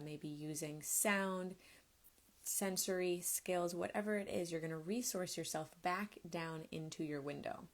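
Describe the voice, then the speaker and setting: Woman, somatics coach, gentle and unhurried, low pitch with a gravelly edge, live-stream teaching.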